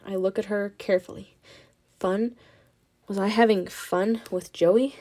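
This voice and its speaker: A woman reading a novel aloud in a quiet, even narration. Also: medium pitch, unhurried. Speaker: audiobook reader.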